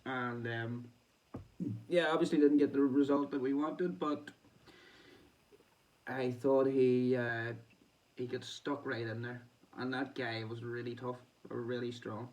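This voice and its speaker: A man's voice: medium pitch, steady tone, takes it slowly, darkish tone, muffled recording. A man with a Northern Irish accent, talking in a rambling, chatty way in a casual diary-style vlog and laughing often. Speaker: boxing vlogger. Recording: distant mic with faint background noise.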